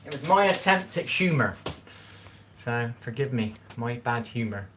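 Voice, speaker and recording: A man's voice: mid-range voice, very animated, a little slow, fairly bright tone, a little hiss or hum. A man chatting casually with viewers while cooking on a livestream, rambling and repeating himself as he reads the chat. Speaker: livestream host reading chat.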